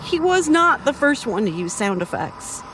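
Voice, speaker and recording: A woman narrating a first-person horror story in an expressive, measured storytelling manner. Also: sits high, background noise.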